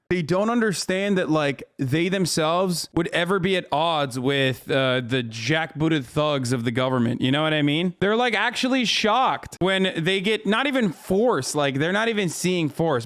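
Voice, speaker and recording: Man, thirties, streamer, high voice, sarcastic, swears a lot. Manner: profane, sarcastic, excitable. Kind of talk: casual reaction commentary.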